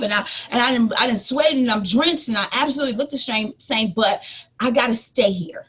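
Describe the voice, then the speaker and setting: A woman in her thirties, a life coach, telling a personal story in a lively motivational talk to her audience. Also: on the high side, normal speed, husky. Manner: animated storytelling, addresses listeners as y'all.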